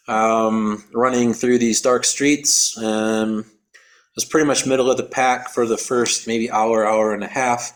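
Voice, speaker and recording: A man with a middle-pitched voice recounts an endurance race in an interview. He often restarts and repeats his words, and he explains things in a careful, technical way. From United States. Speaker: endurance athlete guest. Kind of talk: storytelling interview.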